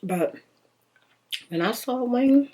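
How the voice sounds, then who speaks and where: A woman casually telling a personal story in an animated, slangy way, laughing often. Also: a little high, slow, slight background noise.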